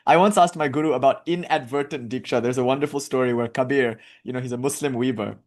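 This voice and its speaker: A man giving a casual, conversational talk as a spiritual teacher, telling stories with lively asides and filler words. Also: medium pitch, fast. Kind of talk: casual lecture.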